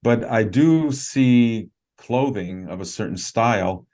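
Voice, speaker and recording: A man, a guest on a video call interview, telling a story in an earnest, halting way with many fillers and restarts. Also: mid-range voice, expressive, dark tone.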